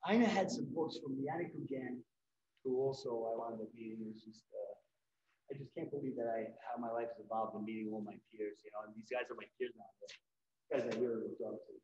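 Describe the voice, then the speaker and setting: A middle-aged man giving a live painting demonstration, telling lively anecdotes and acting out what others said. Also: medium pitch, fairly quick, reverberant, highs cut off, slight background noise. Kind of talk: storytelling during a live demonstration. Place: event hall.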